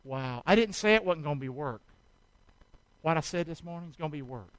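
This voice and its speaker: Working through a demonstration mid-sermon, a pastor exhorts his church and urges the congregation to respond, breathless from exertion. He talks fairly quickly in an animated voice on the high side. The recording is dry and rough.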